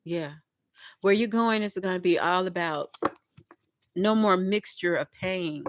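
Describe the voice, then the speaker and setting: A woman's voice: on the low side, a little slow, no echo, clean studio sound. A woman giving a collective tarot reading, talking straight to her viewers in a repetitive, encouraging way. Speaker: tarot reader. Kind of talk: collective tarot reading, spiritual pep talk.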